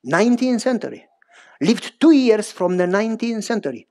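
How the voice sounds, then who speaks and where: A middle-aged man preaching a sermon, telling personal stories in an animated way with big pitch swings and repeated phrases. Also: normal speed. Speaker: pastor.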